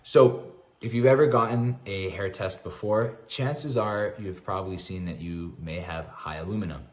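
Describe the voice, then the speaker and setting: A man's voice: lowish voice, normal speed, a little mellow, reverberant. A man who works as a mineral-balancing practitioner, explaining health topics in a confident, informal, matter-of-fact way. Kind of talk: explanatory health lecture to camera.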